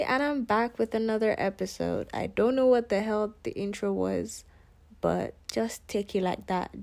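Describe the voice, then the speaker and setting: A woman's voice: mid-range voice, measured pace, gravelly. A young adult woman hosting a solo podcast, chatting in a sarcastic, playful and giddy way. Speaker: podcast host. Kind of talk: casual solo podcast chat.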